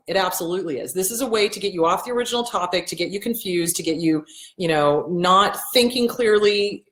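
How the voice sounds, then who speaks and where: Woman, middle-aged, fairly low voice, blunt, animated, echoey room. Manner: blunt, animated, swearing, acts out quoted voices. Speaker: host answering viewer questions. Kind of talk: casual live Q&A.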